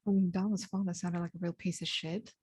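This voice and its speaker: A woman's voice: lowish voice, flat delivery, fast, heavy background noise. A woman playing a tabletop game, talking bluntly and casually. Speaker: player.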